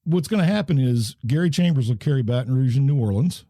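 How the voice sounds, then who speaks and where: A man talks politics in a loose, wry, rambling way, often restarting his sentences. His voice is mellow and low-key. The sound is dry and close, with no room around it. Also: lively intonation, quick pace, no room sound. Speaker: podcast co-host. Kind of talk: casual political chat.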